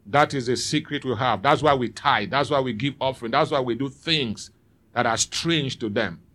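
A man's voice: medium pitch, normal speed, pushed and bright. A man preaching a sermon in church, calling out to the congregation for responses. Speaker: pastor.

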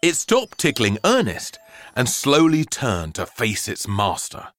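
A man narrating a children's story aloud with an expressive, theatrical delivery. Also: medium pitch, takes it slowly, no echo, soft background music.

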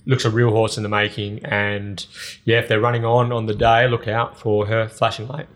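A man's voice: lowish voice, little pitch movement, moderate pace. An Australian man co-hosting a racing podcast, easygoing as he rambles through race previews. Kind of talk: casual tipping chat.

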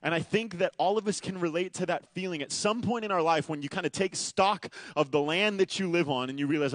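Young pastor, higher-pitched man, chatty sermon delivery, dry close mic. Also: fast talker, hardly any pauses, no echo. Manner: conversational, animated, self-deprecating asides.

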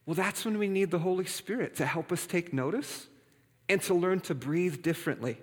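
Male pastor, slightly high voice, relaxed and joking, preaching in a church with a long echo. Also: normal speed. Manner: conversational, playful asides to congregation. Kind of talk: sermon. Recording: reverberant hall.

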